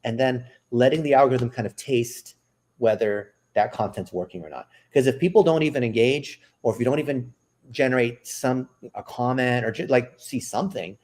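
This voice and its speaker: A man as a podcast guest, explaining an ad strategy in casual interview talk, with quick asides and frequent "right?" checks. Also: mid-range voice, darkish tone. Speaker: podcast guest, marketing executive.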